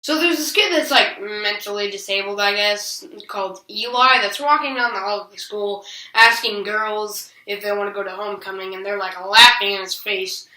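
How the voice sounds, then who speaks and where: Bright-voiced woman in an echoey room. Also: medium pitch, moderate pace, hardly any pauses. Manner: chatty, slangy, sarcastic asides. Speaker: TV episode reviewer. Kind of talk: casual episode recap. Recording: roomy echo, distant from the mic.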